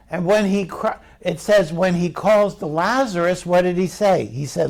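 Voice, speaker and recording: A man's voice: high voice, expressive, measured pace, vocal fry, darkish tone. A middle-aged male pastor preaching a sermon in a conversational way, asking the congregation questions.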